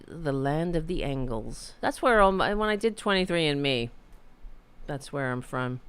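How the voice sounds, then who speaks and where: A woman's voice: low voice, animated, moderate pace, smooth. A middle-aged woman hosting a live political stream, ranting in a heated, profane, rambling way with frequent restarts. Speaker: political commentary host.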